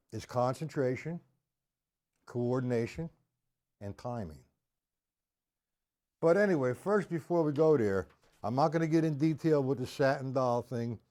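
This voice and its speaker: A man teaching drums on a live stream, talking through exercises in a slow, chatty way, greeting viewers by name and scatting rhythms aloud. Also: medium pitch, dark tone. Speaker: drum teacher. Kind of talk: live-streamed drum lesson.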